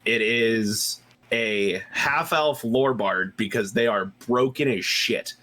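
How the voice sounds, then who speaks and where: A man with a bright, forward voice talks about tabletop game characters in a casual chat. He laughs a lot and gets excited as he goes. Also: mid-range voice, slow pace, a little hiss or hum. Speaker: player.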